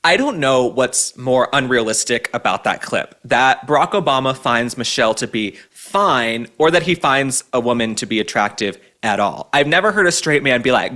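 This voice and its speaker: Sarcastic guy hosting a commentary show, punchy bright voice, mid pitch, loves to mock. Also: expressive, moderate pace. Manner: sarcastic, emphatic, mocking. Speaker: political commentary host. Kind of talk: ranting commentary.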